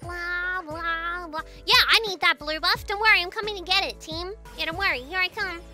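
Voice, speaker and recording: A woman streamer giving excitable, giggly commentary over her own gameplay, mocking herself and calling out to her teammates. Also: very high-pitched, moderate pace. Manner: self-mocking, frequent laughter. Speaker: video game streamer. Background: game music.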